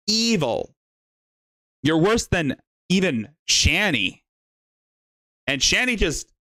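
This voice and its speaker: A man's voice: fairly high pitch, a bit bright, no echo. A man hosting a show, giving scornful, lecturing commentary on a clip. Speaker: host.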